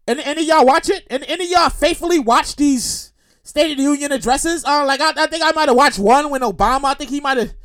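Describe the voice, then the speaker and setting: A man hosting his own comedy show, rambling and repeating himself, with animated outbursts. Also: very high-pitched, quick pace. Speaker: podcast host. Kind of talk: comedic solo monologue.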